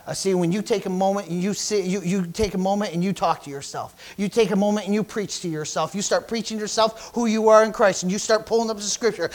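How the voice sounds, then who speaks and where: A man preaching a sermon in a strikingly high voice. He swings between fervent shouting and quieter teaching, with hallelujahs and praise calls breaking into his lines. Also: steady tone, fast talker, hardly any pauses. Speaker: pastor.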